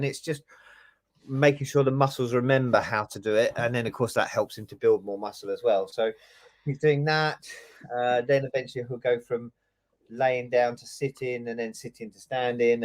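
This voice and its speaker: A man, a police officer co-hosting, chatting casually over a video call in an easygoing, hesitant way with plenty of fillers. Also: medium pitch. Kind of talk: casual chat.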